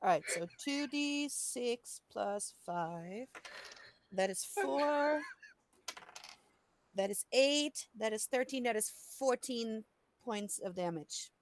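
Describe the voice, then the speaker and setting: A woman playing a tabletop role-playing game, counting dice rolls aloud with excitement. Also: on the high side, takes it slowly. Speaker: player. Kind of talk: casual tabletop play.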